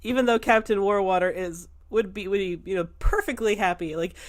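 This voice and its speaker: A woman's voice: mid-range voice, a little fast. A woman narrating a tabletop game as game master in a casual, rambling way. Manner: casual with many fillers.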